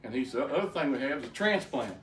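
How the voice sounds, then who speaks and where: A man's voice: medium pitch, lively intonation, quick pace, a bit bright. Older man, folksy, roomy and distant. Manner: plainspoken storyteller with frequent stammered restarts. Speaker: speaker giving a personal testimony. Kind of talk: folksy personal testimony to a group. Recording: roomy, distant mic, faint background noise.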